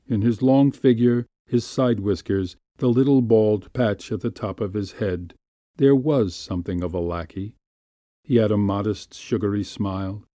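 A man reading a classic short story aloud in a measured, unhurried way. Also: on the low side, mellow, no room sound, studio quality. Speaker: narrator.

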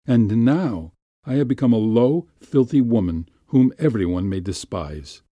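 A man's voice: mid-range voice, lively intonation, a little slow, dark tone, no echo, dull audio. A man reading as a tearful, remorseful young wife. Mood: anguished. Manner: anguished, self-reproaching confession.

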